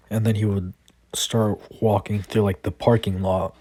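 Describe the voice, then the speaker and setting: Slow, hesitant man with a deep husky voice. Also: level tone, dark tone, no echo. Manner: hesitant, filler-heavy, rambling. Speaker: storyteller. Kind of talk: improvised fan-fiction narration.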